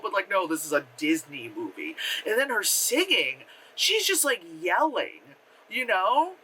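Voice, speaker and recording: A young adult movie reviewer talking casually in a vlog, animated and profane, laughing often and full of fillers. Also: mid-range voice, normal speed. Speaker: effects artist. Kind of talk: casual spoken film review.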